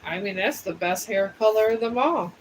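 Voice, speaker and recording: A man's voice: high-pitched, moderate pace, a little hiss or hum, rough recording. A man reading tarot cards on a livestream, chatting in a rambling, casual way and drifting from topic to topic. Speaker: tarot reader and livestream host. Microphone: streaming setup.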